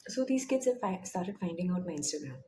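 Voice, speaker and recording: A young woman with an Indian accent, a teacher, chatting casually in a vlog, animated with soft whispered asides. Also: on the low side, fairly quick, a little hiss or hum. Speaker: vlogger. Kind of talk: casual chat.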